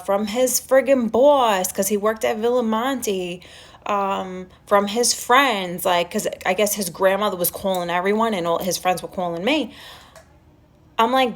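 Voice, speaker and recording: A woman's voice: medium pitch, normal speed. Chatty Staten Island woman telling a story. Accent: Staten Island New York. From Staten Island, New York. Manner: chatty, animated, swears freely, breaks off to greet chat. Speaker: livestream host. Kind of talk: casual livestream storytelling.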